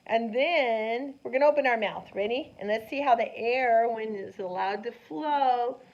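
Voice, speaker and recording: A woman teaches a children's science lesson in a lively, sing-song way and keeps asking the kids questions. Her voice sits high with a gravelly fry. The recording is dull and lo-fi. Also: normal speed. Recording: dull lo-fi sound with faint noise.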